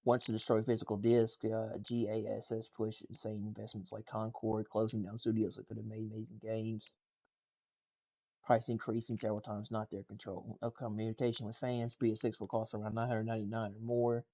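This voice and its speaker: A man's voice: fairly low pitch, completely flat delivery, fairly quick, lo-fi sound. A man casually reacting to gaming clips and tweets, laughing often and swearing loosely. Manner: laughs a lot, loose and profane. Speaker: gaming news streamer.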